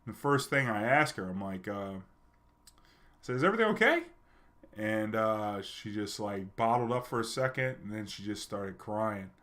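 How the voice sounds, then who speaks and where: A man's voice: on the low side, a little slow, a bit bright. A man telling a personal story to his viewers in a loose, chatty way, full of fillers and restarts. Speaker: streamer and storyteller. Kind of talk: casual storytelling.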